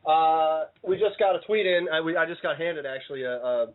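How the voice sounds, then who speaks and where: A man's voice: on the high side, a little fast. A man hosting a casual radio show, rambling and playful, often cutting himself off mid-sentence. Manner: rambling, self-interrupting, playful. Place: radio studio. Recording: tinny phone-like sound.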